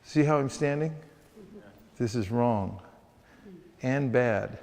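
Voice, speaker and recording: A man's voice: medium pitch, slow pace, creaky, darkish tone. Playful man training a group in a hall. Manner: playful, acts out street encounters. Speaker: sales trainer. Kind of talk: hands-on training talk with demonstrations. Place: indoor training session with a group. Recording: long reverb of a hall.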